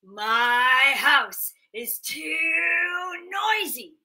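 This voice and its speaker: A woman's voice: high voice, very slow, pushed and bright, raised voice, pitched above the performer's own voice, heavily acted. A woman voicing a fretful old man who keeps complaining about the noise in his house, drawing out his words in a whiny, sing-song way for a children's storytime.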